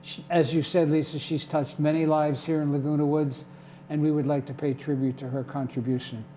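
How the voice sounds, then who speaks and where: A man's voice: a little high, flat delivery, brisk, mellow, a little hiss or hum. An older man guesting on a community TV show, telling casual stories in a chatty way and often checking in with "okay?". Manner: chatty, tags remarks with "okay?". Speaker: guest, community theater volunteer. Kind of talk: casual storytelling. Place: television studio.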